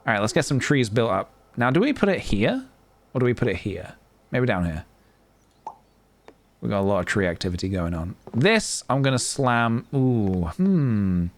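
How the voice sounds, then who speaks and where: A young man chatting casually to his live-stream viewers as he plays a game, playful and chatty, with sudden excited squeals. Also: medium pitch, normal speed. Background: faint game music.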